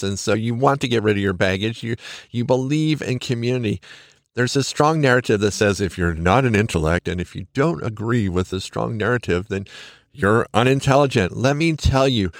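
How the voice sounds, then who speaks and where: With a lowish voice in a clean studio recording with no echo, this podcast host runs an upbeat, chatty solo show. He laughs at himself, corrects his slips, and tosses out quick shout-outs.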